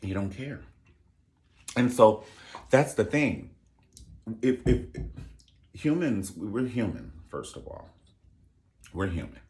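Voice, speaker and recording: A young man vlogging casual commentary in a sassy, expressive way, swearing freely. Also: on the low side, takes it slowly, long pauses.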